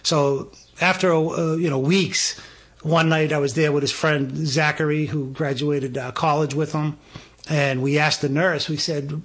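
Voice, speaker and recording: A man's voice: on the high side, fairly even intonation, normal speed, slightly rough. A man, a guest telling a personal story with lots of energy, stammering restarts and acted-out dialogue. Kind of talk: animated storytelling.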